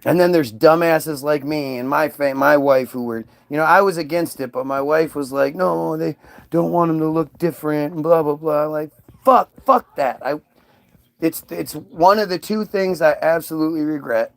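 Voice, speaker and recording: A man's voice: fairly high pitch, moderate pace, vocal fry, no room sound. A man talking in a heated, profane, unscripted monologue, stumbling and restarting his sentences as he goes. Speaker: vlogger.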